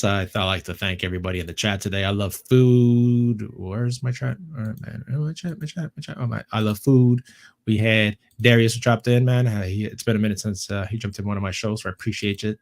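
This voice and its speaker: A man hosting a casual podcast, telling stories in an animated way with lots of swearing and repetition. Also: fairly low pitch, quick pace, gravelly. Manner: animated storytelling, swearing, repeats himself. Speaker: podcast host. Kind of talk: casual chat.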